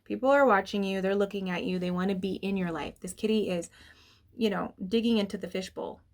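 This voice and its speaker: A young woman giving a casual tarot reading, talking in a chatty, animated way with lots of fillers and the odd swear, laughing at her own asides. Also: mid-range voice, a little fast. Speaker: tarot reader.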